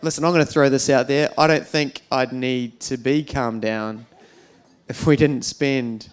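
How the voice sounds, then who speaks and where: A man's voice: mid-range voice, steady tone, a little slow. A man doing a stand-up comedy routine on stage at a fundraiser, telling wry, self-deprecating stories with lots of fillers.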